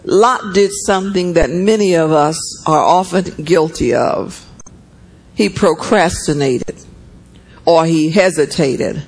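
A man preaches a sermon with a fairly high-pitched voice. He reads scripture aloud and breaks off into conversational asides. He repeats key words for emphasis and checks in with his listeners. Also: slow, husky, poor audio.

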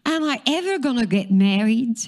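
A woman's voice: a little high, expressive, moderate pace, darkish tone, natural voice. A woman voicing a heartbroken, insecure teenage girl who pours out anxious questions about herself. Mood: despairing. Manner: anxious self-doubting rush of questions.

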